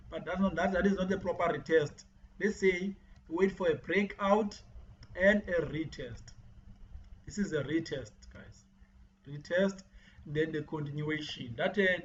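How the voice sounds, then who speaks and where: High-voiced man teaching with many restarts. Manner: repeats words, restarts often, "guys". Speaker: forex trading teacher. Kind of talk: screen-share tutorial. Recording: dull lo-fi mic with faint hiss.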